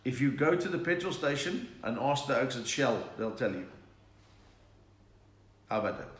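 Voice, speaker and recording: A South African man, a comedian, hosting a live online chat, telling quick-fire jokes and laughing at his own lines. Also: medium pitch, very animated, echoey room. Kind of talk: live stand-up joke session. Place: room at home.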